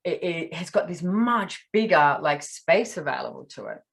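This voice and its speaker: An Australian woman in casual podcast conversation, telling animated stories and acting out what people said. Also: on the low side, moderate pace, gravelly. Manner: animated storyteller, acts out quotes. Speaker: podcast guest.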